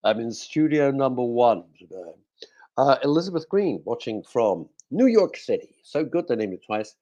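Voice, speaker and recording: A man's voice: medium pitch, very animated, moderate pace, warm tone, lo-fi sound. A male radio host chatting casually in a studio, cracking jokes and reading out listener messages. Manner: jokey, rambling, talks to himself.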